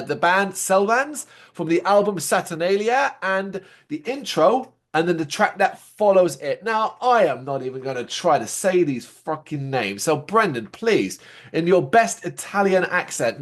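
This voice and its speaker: A man with a somewhat raised speaking voice opens the show and chats loosely as co-host. He is offhand and jokey and swears casually. He sounds relaxed and unscripted. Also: on the high side. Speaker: co-host of a music reaction show. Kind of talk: casual chat.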